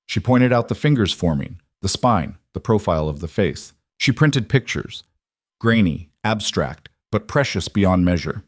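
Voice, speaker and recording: Low-voiced man narrating a story. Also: expressive, measured pace, dry recording, studio quality. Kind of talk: scripted narration.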